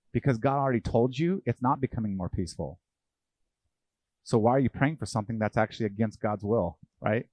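A middle-aged man preaching a sermon in a conversational, animated way, often acting out quoted voices. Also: on the low side, dry recording. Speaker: pastor.

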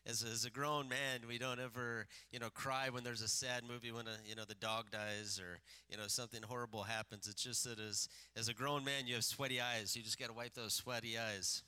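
A man's voice: mid-range voice, steady tone, a little fast, few pauses, pushed and bright, smooth. A man preaching a sermon, moving between rising emphatic passages and casual asides to the congregation, often asking them questions. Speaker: pastor.

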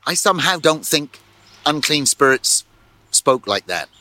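A man pastor preaching a sermon in an animated way, full of rhetorical questions and repeated words. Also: a little high, measured pace, no echo.

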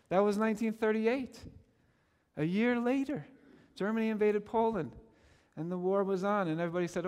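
A man's voice: sits high, normal speed, darkish tone, smooth, in a large hall. A man preaching a sermon as pastor, with an emphatic, repetitive cadence.

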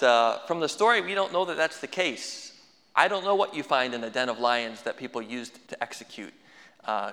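Bright-voiced preacher in a reverberant hall. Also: male voice, medium pitch. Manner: folksy with dry humorous asides. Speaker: pastor. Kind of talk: sermon.

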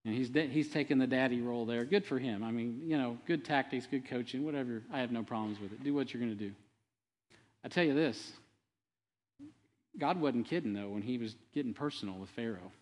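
A pastor in his fifties delivers a sermon in a brisk, mid-range voice, speaking conversationally with rambling asides and frequent tag questions. The recording carries a long hall reverb.

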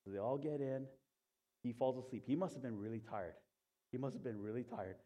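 A man preaching a sermon, telling a story with animation and swinging from loud to hushed, in a conversational way. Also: medium pitch, brisk, breathy edge. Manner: conversational, asks the congregation "Okay?". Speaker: pastor.

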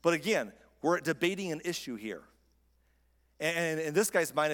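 A man's voice: on the high side, animated, normal speed, fairly bright tone. Man preaching in an echoing hall. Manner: conversational and emphatic, with rhetorical questions. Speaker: pastor. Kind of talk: sermon. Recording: long hall reverb.

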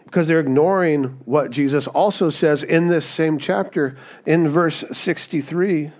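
A man's voice: on the high side, unhurried, a little mellow. A man preaching a conversational sermon, often checking in with "right?". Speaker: pastor. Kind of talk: sermon teaching.

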